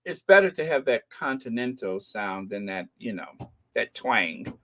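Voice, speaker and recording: Casting: middle-aged American male host, slow unhurried delivery, chatty and rambling, fond of joking asides. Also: mid-range voice, very animated, fairly bright tone. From United States. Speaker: host of a royal news channel. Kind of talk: casual commentary.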